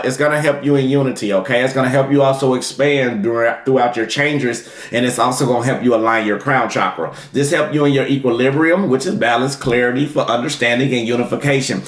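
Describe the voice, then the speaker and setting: A man's voice: mid-range voice, fairly bright tone. Man giving a tarot reading in an echoey room. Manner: talks directly to viewers, drawn-out, emphatic calls. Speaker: tarot reader. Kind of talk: tarot reading with guided meditation.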